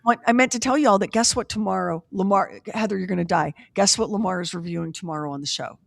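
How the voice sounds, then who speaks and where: A woman's voice: medium pitch, quick pace, vocal fry, no echo. A woman hosting a podcast, chatting casually in a wry, drawling way. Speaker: podcast host. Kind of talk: casual chat.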